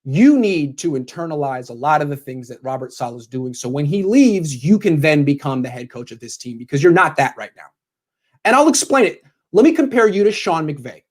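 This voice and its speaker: A man's voice: a little high, sing-song, a little fast. A man who is a sports commentator, bluntly lecturing a coach as if in a meeting, confrontational and direct.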